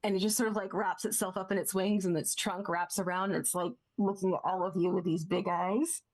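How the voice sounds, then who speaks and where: A woman runs a tabletop game, painting each scene with lively, playful description. Her voice sits at an ordinary middle pitch. She keeps the story moving for her players. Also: brisk. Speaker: game master.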